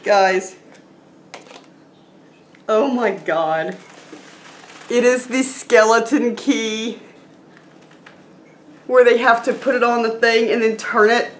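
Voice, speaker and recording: Excitable woman vlogging at home, gushy and teary, echoey room. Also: on the high side, slow, pauses often. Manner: excited and gushing, laughing often. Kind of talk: casual vlog chat. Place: room at home with a noisy chair.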